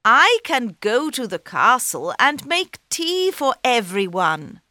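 A woman voicing a clever male talking cat in a storybook, high-pitched and excitable. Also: takes it slowly, no room sound, clean studio sound, exaggerated voice. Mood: eager. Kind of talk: storybook reading.

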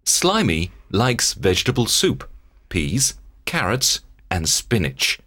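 A man narrating a children's story in a scripted, expressive read-aloud manner. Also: on the low side, takes it slowly, no room sound.

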